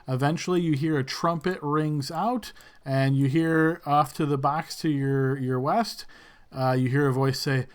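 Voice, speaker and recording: A man's voice: on the high side, fairly even intonation, measured pace. A man narrating a tabletop role-playing game as game master, in loose, descriptive storytelling.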